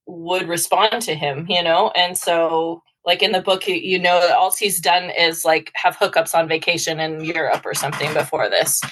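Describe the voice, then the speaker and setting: A woman co-hosting a podcast, talking casually in a thoughtful, measured way. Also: fairly low pitch, fairly even intonation, fairly bright tone, low-quality recording. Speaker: podcast co-host. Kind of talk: casual chat.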